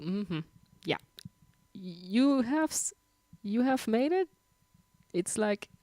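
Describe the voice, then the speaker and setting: A woman's voice: medium pitch, a little mellow, dry recording. A young woman with a German accent, a sick livestream host casually answering viewer questions with frequent laughs and ums. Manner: chatty, laughs often, many ums.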